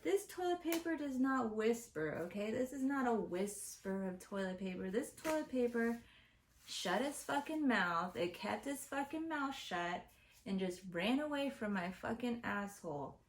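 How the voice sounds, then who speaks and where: A woman's voice: fairly high pitch, animated, unhurried. A woman hosting her own show, delivering an exasperated, profane comedic rant to the camera. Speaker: host. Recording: roomy echo.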